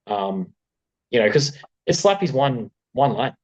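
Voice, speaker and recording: An Australian man chatting casually as a guest about his fan film, animated and laughing often. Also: medium pitch, a little slow. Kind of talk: casual chat.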